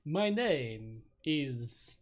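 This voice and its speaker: A man voicing a frightened, addled male street shaman in a put-on vampire-like accent, halting and repeating his words. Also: medium pitch, big pitch swings.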